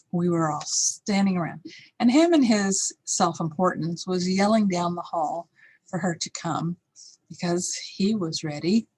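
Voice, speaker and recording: A husky, lower-voiced woman speaks in a candid, reflective way, sharing a personal story as a teacher. She is middle-aged and now and then acts out the lines that others said. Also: darkish tone. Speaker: course teacher.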